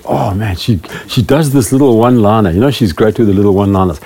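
A man's voice: on the low side, fast talker, mellow. A middle-aged man, a preaching elder, giving a rambling, self-deprecating talk to a small group of church leaders. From South Africa.

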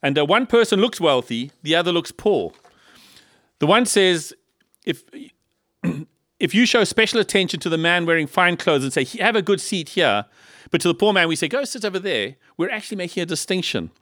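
A man from Africa, preaching a sermon in a lively style full of rhetorical questions and humorous asides. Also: sits high, a little fast, no echo, clean studio sound. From South Africa. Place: church in Liverpool.

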